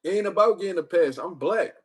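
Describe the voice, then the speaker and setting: A man hosting a livestream, talking casually with heavy profanity and animated storytelling. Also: sits high, quick pace, breathy edge. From Puerto Rico. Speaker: livestream host.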